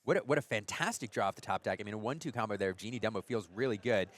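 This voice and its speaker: A man with a fairly low voice calls a card game match play by play. He is energetic and excitable, and his pitch climbs high when the action heats up. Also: very fast. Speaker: play-by-play caster. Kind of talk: card game tournament commentary.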